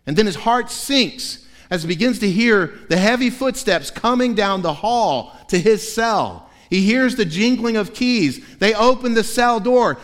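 A man preaching a sermon as pastor, telling the story dramatically and swinging between loud passages and hushed ones. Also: sits high. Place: church sanctuary. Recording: long reverb of a large hall.

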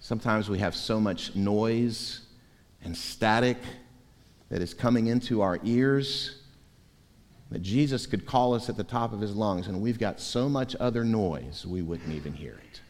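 A pastor preaching a sermon, animated and shifting between soft and loud delivery. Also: male voice, lowish voice, a little slow. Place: church sanctuary. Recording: reverberant church hall.

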